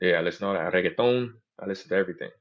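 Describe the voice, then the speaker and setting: A man's voice: deep voice, little pitch movement, rapid-fire, muffled recording. A man hosting a podcast in casual chat, telling stories animatedly and mimicking other people's voices in quotes. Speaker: podcast host.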